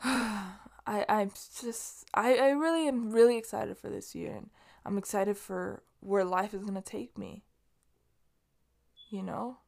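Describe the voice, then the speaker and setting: A woman's voice: medium pitch, steady tone, unhurried, creaky, a little mellow. A young woman from Los Angeles hosting her podcast alone, chatting in a rambling, casual way, swearing freely and restarting often. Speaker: podcast host. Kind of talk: casual solo monologue.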